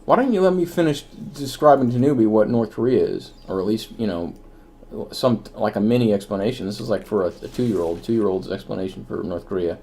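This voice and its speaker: A man's voice: on the low side, lively intonation, brisk, mellow. A man hosting comedic gaming banter, teasing and explaining in a wry way. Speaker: host.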